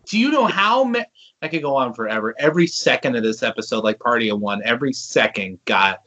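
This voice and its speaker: A man's voice: mid-range voice, fast talker, dull audio. A man co-hosting a podcast, chatting casually about a cartoon episode, joking and swearing as he goes. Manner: animated, joking, profane. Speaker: podcast co-host. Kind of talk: casual episode recap chat.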